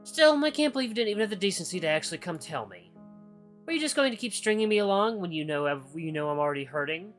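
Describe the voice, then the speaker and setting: A man's voice: expressive, quick pace, fairly bright tone, soft background music. A man voicing a bitter, possessive male ex-partner in a visual novel, whining and accusing in a raised voice. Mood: whining, guilt-tripping. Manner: whiny, accusing, raised pitch.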